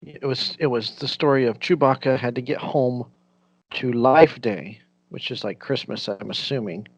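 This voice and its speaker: A man's voice: mid-range voice, moderate pace, breathy edge, dry recording. A man hosting a casual podcast, rambling through recaps with frequent laughs. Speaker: podcast host.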